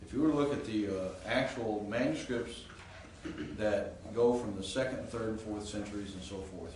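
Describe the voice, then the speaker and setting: Heard from afar in a reverberant classroom, a man with a fairly low, darkish voice lectures on Greek grammar. He explains the rules, questions his students and fills pauses frequently, with slight background noise present.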